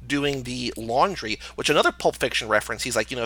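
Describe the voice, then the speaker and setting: A man's voice: medium pitch, fast talker, low-quality recording. A man co-hosting a casual podcast chat, rambling with lots of filler words. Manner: rambling, many "like" fillers, animated. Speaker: podcast co-host.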